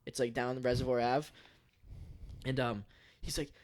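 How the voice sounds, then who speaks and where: A man's voice: mid-range voice, flat delivery, measured pace, darkish tone. Rambling, swearing man telling a story. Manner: rambling, swears a lot, peppers talk with "dude". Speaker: podcast co-host. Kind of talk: casual storytelling chat.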